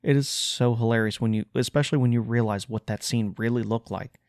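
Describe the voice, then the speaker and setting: A man's voice: medium pitch, steady tone, brisk, darkish tone, no echo. A man hosting a podcast, ranting in an exasperated, sarcastic way in casual solo commentary. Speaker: podcast host.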